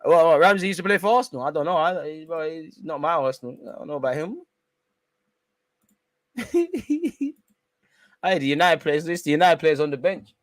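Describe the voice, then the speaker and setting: Young male watch-along host, loose and slangy, with loud teasing bursts. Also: fairly high pitch, normal speed, long pauses, no room sound. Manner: teasing, slangy banter with sudden excited outbursts. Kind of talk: live football watch-along commentary.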